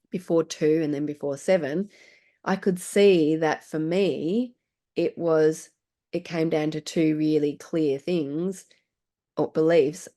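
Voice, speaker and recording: A woman's voice: low-pitched, darkish tone. Earnest woman in her forties. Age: 40s. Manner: earnest, emotional, halting with restarts. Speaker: guest. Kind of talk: casual chat.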